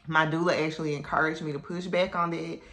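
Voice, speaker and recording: A woman's voice: sits low, level tone, quick pace, a bit bright. Candid, chatty woman vlogger. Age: adult mother. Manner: candid, chatty, many ums and likes. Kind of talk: casual personal storytelling to camera.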